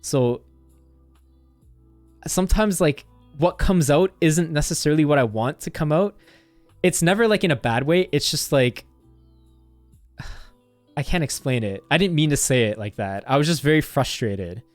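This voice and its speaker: A man's voice: fairly high pitch, expressive, measured pace, long pauses, dry recording, faint music behind. A young man streamer casually telling a story, rambling with constant "like" fillers and swearing.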